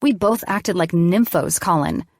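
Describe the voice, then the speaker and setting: A woman reading the lines of a jealous young woman who accuses her lover, sharp and cold. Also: lowish voice, lively intonation, unhurried, no echo, clean studio sound. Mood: accusing.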